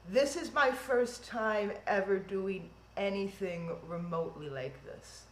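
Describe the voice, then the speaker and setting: A woman's voice: mid-range voice, roomy sound, rough recording. A woman hosting a live-streamed event from home, rambling in a chatty, self-deprecating way. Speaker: event host. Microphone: webcam stream.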